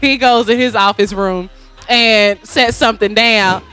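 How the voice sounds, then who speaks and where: A woman co-hosting a podcast, telling a profane story with lively acted-out quotes. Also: a little high, measured pace, clean tone, soft background music. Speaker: podcast co-host. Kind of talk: casual storytelling chat.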